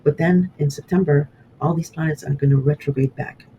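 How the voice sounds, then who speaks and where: A man giving a casual horoscope reading, rambling and halting with many fillers and restarts, and getting emotional as he talks. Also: fairly high pitch, steady tone, dark tone, lo-fi sound, a little hiss or hum. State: emotional, voice catching. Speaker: astrology reader.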